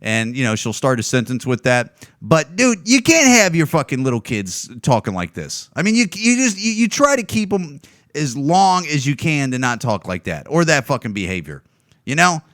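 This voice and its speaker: A man's voice: fairly high pitch, sing-song, normal speed, a bit bright, no echo. Foul-mouthed guy ranting on his podcast, voice jumping all over, dead dry sound. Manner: profane, heated, lots of swearing. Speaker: podcast host; comedian. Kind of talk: crude ranting commentary on clips.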